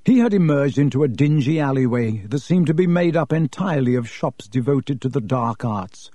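A man narrating an audiobook in a steady, measured way. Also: mid-range voice, no echo.

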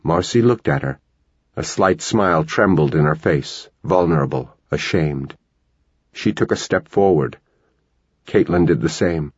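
A man narrating a tense novel in steady storytelling, in a dull lo-fi recording. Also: deep voice, unhurried, breathy edge, no room sound. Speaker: audiobook narrator. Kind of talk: scripted narration.

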